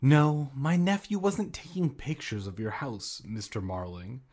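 A man's voice: mid-range voice, a little slow, darkish tone, breathy edge. A man reading aloud and voicing a stern, worried middle-aged aunt who speaks in curt, scolding lines.

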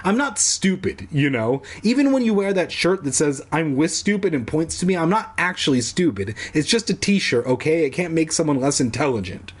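A man reading aloud, voicing a sharp-tongued young girl who scolds her brother. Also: fairly high pitch, sing-song, normal speed, few pauses, breathy edge, pitched above the performer's own voice. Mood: scolding. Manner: snappy, scolding.

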